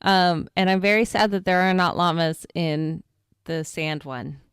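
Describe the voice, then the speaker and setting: Slow, relaxed woman on a dry mic. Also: lowish voice, clear, resonant tone, dry recording. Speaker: podcast co-host. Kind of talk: casual chat.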